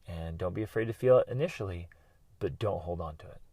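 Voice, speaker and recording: A man's voice: deep voice, fairly quick, no room sound. A middle-aged man hosting a podcast, talking alone in an earnest, encouraging way about working through pain. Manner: earnest and encouraging, with bursts of loud yelling. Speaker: podcast host and life coach. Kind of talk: motivational solo talk.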